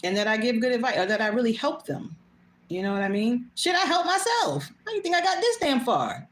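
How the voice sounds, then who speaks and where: A woman's voice: fairly high pitch, very animated, fairly quick. A woman hosting her own show, talking bluntly and casually, swearing freely and laughing often. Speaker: host. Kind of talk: casual monologue. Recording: echoey room.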